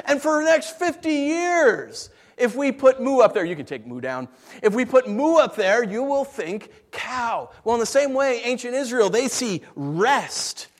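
A man delivers a lively sermon in a notably high voice. He swings between loud, excited points and near-whispers, acting out the voices of his listeners along the way. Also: normal speed. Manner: acts out listeners' voices in asides. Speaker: pastor.

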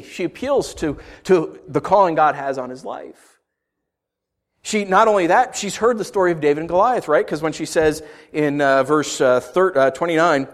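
A man in his thirties preaches to his congregation, his voice sitting high for a man. He tells stories animatedly, firing rhetorical questions and breaking into sudden shouts. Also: sing-song, normal speed. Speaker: pastor. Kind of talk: sermon.

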